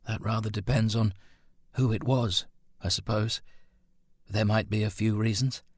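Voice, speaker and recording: A man voicing Roland, a gruff, swearing man who talks his wounded dog through a crisis, in an audiobook. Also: fairly low pitch, fairly even intonation, unhurried, no echo, studio quality. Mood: quiet.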